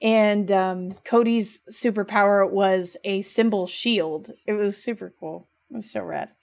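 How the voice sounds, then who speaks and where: A woman's voice: mid-range voice, steady tone, unhurried, creaky. Young woman cohost on a chill podcast, super gushy and emotional, takes her time talking. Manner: gushing, emotional, lots of "like" and "rad". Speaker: podcast co-host. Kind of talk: casual chat recapping a video game.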